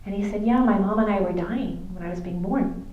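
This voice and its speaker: A woman's voice: mid-range voice, a little fast, narrow, tinny audio. A middle-aged woman, telling a faith story to a youth audience and acting out the dialogue. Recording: echoey room.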